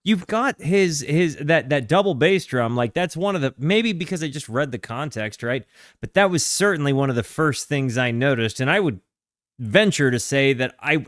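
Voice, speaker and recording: A man's voice: on the high side, clear, resonant tone, no room sound. Chatty man with a dry, close sound. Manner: rambling, restarts, stacked fillers. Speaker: host of a music reaction channel. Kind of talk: casual reaction commentary.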